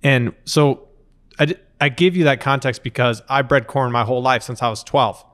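Man, 30s, interview guest; lively storyteller, average pitch. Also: normal speed. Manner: lively anecdotal storytelling, acts out quotes. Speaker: company co-founder, interview guest. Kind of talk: conversational storytelling.

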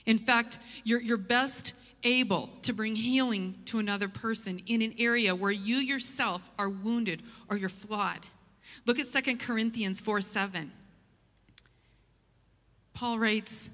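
Bright-voiced woman preaching a sermon. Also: a little high, measured pace. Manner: earnest, storytelling preacher. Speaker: pastor. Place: church sanctuary. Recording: long church hall reverb.

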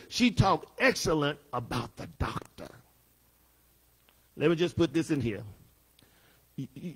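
A pastor leads a Bible study in a high, light voice. He talks slowly and emphatically, circling back to repeat his lines. Now and then he builds up to a shout. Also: husky. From Southern United States. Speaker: pastor teaching a Bible class. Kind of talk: preaching Bible study lesson.

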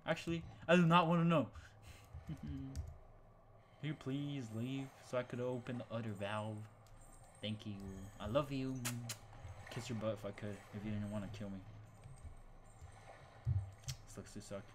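A young man hosting his channel, giving jokey, profane commentary while playing a horror game, muttering one moment and yelling in panic the next. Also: fairly low pitch, fairly even intonation, normal speed, background noise. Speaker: gaming channel host.

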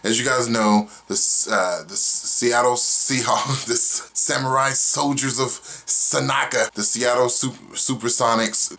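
A young man from Oklahoma hosting his own vlog, ranting casually with lots of swearing and rambling asides. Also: medium pitch. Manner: profane, animated, rambling. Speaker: vlog host. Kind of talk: casual opinion rant.

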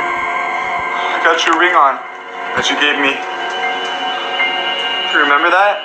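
A man films a staged ghost-hunting vlog in the middle of the night, saying "guys" after almost every phrase. He moves between hushed, shaky talk and panicked yelps, and his voice sits a little high for a man. The recording is echoey, with music playing underneath. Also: measured pace, pauses often. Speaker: paranormal vlogger. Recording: echoey room with background music.

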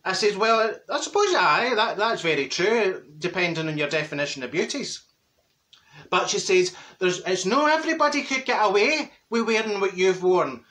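A brash, gossiping older Glasgow woman, played by a man, chatters in a broad Glaswegian accent. Her voice sits high and sounds bright and cutting. She cackles and mimics her neighbours in a comic character monologue. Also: big pitch swings, normal speed, full character voice. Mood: gossipy. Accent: Glaswegian Scottish.

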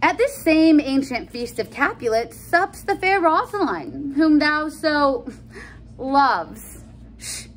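A woman's voice: high voice, expressive, takes it slowly, slight background noise, pitched above the performer's own voice. A woman reading a sly young male friend. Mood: coaxing. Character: teasing young male friend, knowing and playful.

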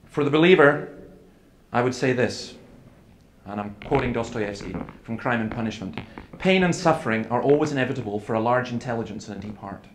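An animated, brisk preacher with a medium-pitched voice tells stories using quoted dialogue during an earnest seminar talk. The hall is echoey, with faint room noise in the background.

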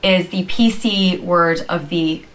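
A woman's voice: lowish voice, slow pace, a bit bright, low-quality recording. Irish woman patiently explaining slang. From Ireland. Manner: patient, with frequent "um" and acted-out examples. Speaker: slang teacher in a video. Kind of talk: explaining phrases with examples.

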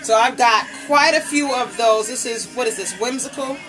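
Her voice sits a little high and her pace is moderate, heard over music in poor audio. Streaming casually from a table set up indoors at home, this nail polish brand ambassador unboxes products live, raving about each one and calling out viewers by name through a tablet camera microphone.

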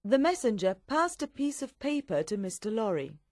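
A woman reading a story aloud in a clear, steady audiobook narration. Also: on the high side, normal speed, no echo, clean studio sound.

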